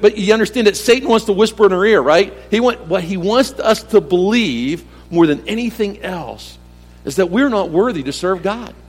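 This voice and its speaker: A middle-aged man preaches in an easy, conversational style, pressing points with rhetorical questions and repetition. His voice sits in a middle range and swings from emphatic bursts down to soft, low asides. The sound carries a long reverb from a large hall. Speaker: pastor. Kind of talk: sermon.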